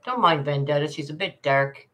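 A woman's voice: sits low, moderate pace, a bit bright. A retired older woman chatting casually on a livestream, reading viewer comments, laughing often and calling people darling. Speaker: livestream host.

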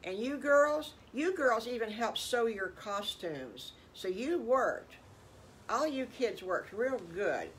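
A woman's voice: a little high, expressive, takes it slowly, a little hiss or hum, voice pushed up, low-quality recording. An older woman voicing a kindly male circus boss who gushes with praise for the children. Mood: generous. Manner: warm, gushing praise.

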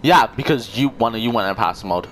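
A young man trash-talks other players over online game voice chat, sarcastic and full of swearing. His voice sits at an ordinary middle pitch. A faint noise floor hums underneath. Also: animated, fast talker, fairly bright tone. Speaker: gamer.

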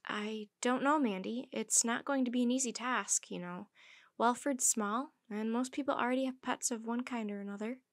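A woman voicing a calm, gentle mother who works as a vet, speaking in a soothing, measured way. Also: a little high, no room sound, clean studio sound, close to an everyday voice.

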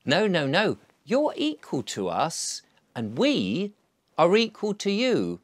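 A man talks straight to camera in a loose, rambling monologue, earnest and coaxing. His pitch swings widely from line to line. He often restarts mid-phrase as he goes. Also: huge pitch swings, slow pace, no room sound. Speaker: video blogger.

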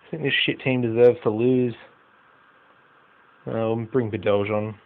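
An excitable young Australian man doing live commentary over a football manager game. His voice sits at an ordinary pitch, drops to grumbling mutters, then bursts into loud, swearing outcries. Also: unhurried, phone-quality sound. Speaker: gaming YouTuber.

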